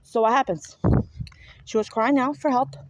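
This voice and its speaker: A woman's voice: on the high side, normal speed, slight background noise, low-quality recording. A woman with a New York accent talking to viewers in a rambling, profane, repetitive monologue, speaking from a car. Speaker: spiritual vlogger.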